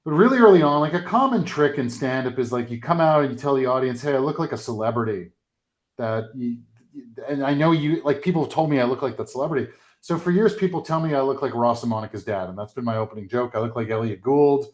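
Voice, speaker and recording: A man's voice: mid-range voice, fast. Man comedian telling stories casually. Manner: storytelling, filler-heavy, relaxed. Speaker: comedian and sales coach, guest. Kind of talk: casual conversation.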